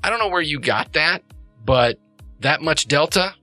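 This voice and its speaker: A man's voice: on the high side, lively intonation, normal speed, pushed and bright, no room sound, faint music behind, voice pushed up. Man doing a brash foul-mouthed orc. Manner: profane, brash. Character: gruff male orc food-truck worker, streetwise.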